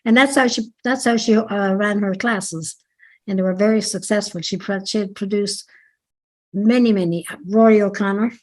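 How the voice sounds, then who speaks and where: A woman's voice: mid-range voice, fairly even intonation, normal speed. Older Dublin Irish woman reminiscing. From Ireland. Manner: chatty, meandering, self-correcting. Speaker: interview guest, dance teacher. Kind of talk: reminiscing interview.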